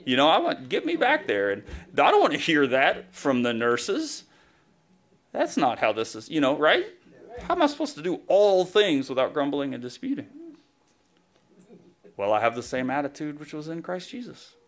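A man's voice: fairly high pitch, big pitch swings, moderate pace. Man preaching with a humorous, chatty storytelling style. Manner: humorous, self-deprecating storytelling; casual, filler-heavy delivery. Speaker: pastor. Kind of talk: conversational sermon.

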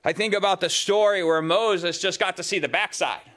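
A man preaching a sermon in a conversational, emphatic way, dropping suddenly to soft, low asides. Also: normal speed.

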